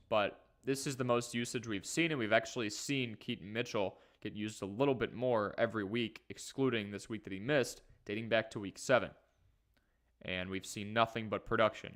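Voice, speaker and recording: A man hosting a live fantasy football stream, talking casually and energetically while he reads from the chat. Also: lowish voice. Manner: energetic, conversational, talks fast in bursts. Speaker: fantasy football livestream host.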